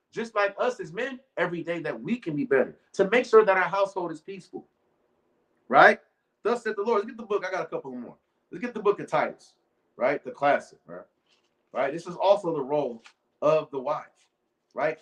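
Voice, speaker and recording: A man's voice: fairly high pitch, low-quality recording. A man preaching an informal sermon, talking loosely and constantly checking in with his listeners. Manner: loose, rhetorical, keeps asking "right?"; reads scripture slowly and deliberately.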